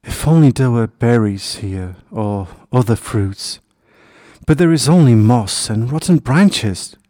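A man voicing a small, anxious and earnest male hedgehog who sounds high and easily indignant. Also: animated, a little slow, mellow, dry recording, studio quality, lightly acted. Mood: plaintive.

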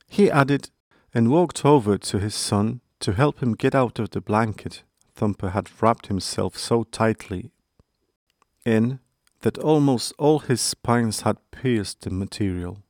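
A man narrating a children's bedtime story in a calm, measured way. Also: on the low side, dry recording, studio quality.

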